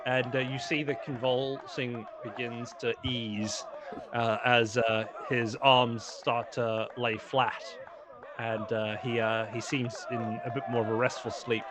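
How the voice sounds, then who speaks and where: A man narrating a tabletop game as game master, laughing often and filling pauses with "uh". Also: medium pitch, flat delivery, a crowd in the background, noisy background. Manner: laughing often, filler-heavy.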